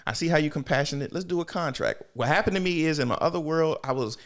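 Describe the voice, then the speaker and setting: A man's voice: fairly high pitch, fast, voice pushed up, close to an everyday voice. A man voicing a slangy talking magic bird. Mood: laid-back. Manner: laid-back, slangy, casual. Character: talking magic bird, male star sage from another world.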